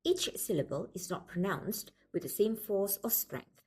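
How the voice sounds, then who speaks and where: A woman lecturer giving a scripted, measured narration of a language lesson. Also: medium pitch, animated, warm tone, breathy edge. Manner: measured, explanatory.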